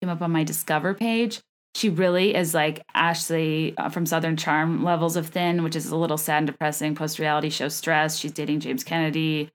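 A woman's voice: deep voice, level tone, brisk. A woman hosting a podcast, talking in a chatty, gossipy way with a wry, sarcastic edge. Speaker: podcast host. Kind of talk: casual chat.

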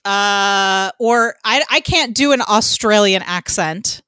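A woman's voice: on the high side, expressive, measured pace, sharp tone, no room sound, clean studio sound. A woman co-hosting a casual podcast, chatty and loose, with lots of ums and the odd swear word. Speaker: podcast co-host. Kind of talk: casual chat.

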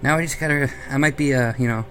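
A man's voice: medium pitch, quick pace, fairly bright tone, soft background music. A young man co-hosting a casual gaming podcast, rambling with fillers and laughing often. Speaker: podcast co-host.

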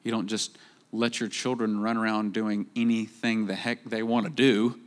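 A man preaching a sermon, jumping up in pitch to act out quoted voices and dropping to slow, quiet emphasis on key points. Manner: animated, acts out quoted voices with rising pitch. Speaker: pastor.

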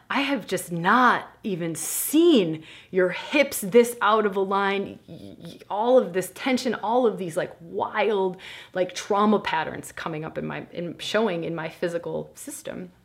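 A woman's voice: medium pitch, expressive, a little slow. Woman voicing a bewildered male chiropractor. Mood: puzzled. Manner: bewildered, plain questioning. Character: puzzled male chiropractor, calm and earnest.

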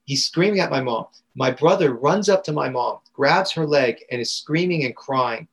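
A man's voice: mid-range voice, expressive, moderate pace, a bit bright, husky, rough recording. A young man, a guest coach, retelling a painful personal experience in an intense, raw and vivid way. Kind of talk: emotional personal storytelling.

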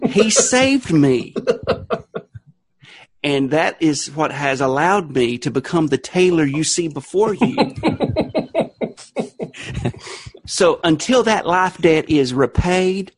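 A man's voice: a little high, husky, heavily acted. A man doing a drawling Southern preacher tailor. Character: pompous Southern-preacher alien tailor, male adult. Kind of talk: podcast comic impression.

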